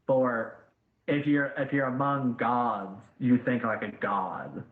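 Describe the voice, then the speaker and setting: A man's voice: medium pitch, steady tone, slow pace. A man narrating as game master in a tabletop game, in a loose, casual way. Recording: echoey tinny voice-chat line.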